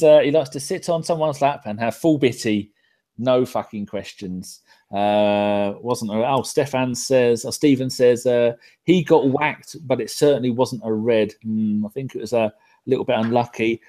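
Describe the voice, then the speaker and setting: A man's voice: mid-range voice, mellow. A laid-back man hosts a live podcast stream and reads out viewer comments as he goes. He chats loosely and swears freely between the comments. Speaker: podcast host reading chat. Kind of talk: casual live-stream chat.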